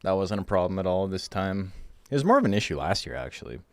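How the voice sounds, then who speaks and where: A man's voice: deep voice, very animated, fast, no echo, studio quality. A young man, a streamer chatting casually and telling rambling stories, swearing freely. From Canada. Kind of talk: casual stream chat and storytelling.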